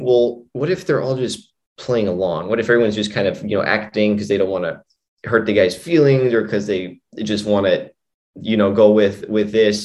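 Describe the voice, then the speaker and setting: A man, a hypnotist and mind coach, telling a long story as a guest in a casual interview, rambling with lots of "you know" and "like". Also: fairly low pitch. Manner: rambling, full of "you know" and "like", frequent restarts.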